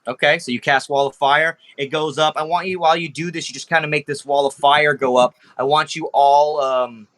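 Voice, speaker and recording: A man's voice: fairly high pitch, fairly even intonation, brisk, fairly bright tone. A man narrating as game master, casual and rambling, with frequent restarts.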